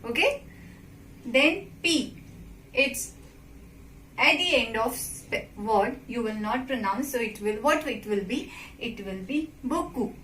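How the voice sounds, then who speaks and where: A woman teaching a simple French lesson, slow and patient, often checking with the listener. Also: fairly high pitch, animated, a bit bright. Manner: slow and patient, repeats and checks with "okay?" and "right?". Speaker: French teacher, channel host. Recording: echoey room with faint background noise.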